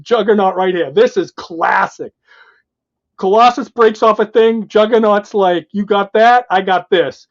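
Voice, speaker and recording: A man co-hosting a podcast, casually and excitedly walking through comic book pages and acting out the characters' lines. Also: high voice, muffled recording. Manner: excited, retells panels and acts out the dialogue in quick bits. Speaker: podcast co-host.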